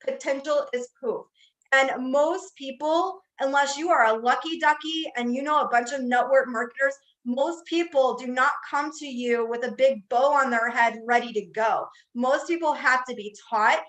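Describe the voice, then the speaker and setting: A woman with a high, bright voice, speaking as an older motivational speaker. She tells stories with emphasis, circling back to drive her points home. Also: normal speed, hardly any pauses, poor audio. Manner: emphatic, storytelling, repeats phrases for effect. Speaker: network marketing speaker. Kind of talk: motivational talk.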